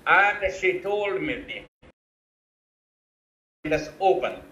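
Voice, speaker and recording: A man's voice: high voice, lively intonation, drawn-out words, roomy sound, lo-fi sound, heavy background noise. A man, calling in to a live show and speaking firmly and indignantly. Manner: firm, indignant. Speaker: caller. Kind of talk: phoned-in commentary.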